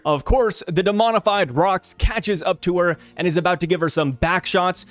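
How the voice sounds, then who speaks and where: A man hosting a comic review channel, talking through a new chapter in a casual, animated, jokey way and thinking out loud. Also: high voice, normal speed, no echo, faint music behind. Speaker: manga review channel host. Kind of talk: casual commentary video.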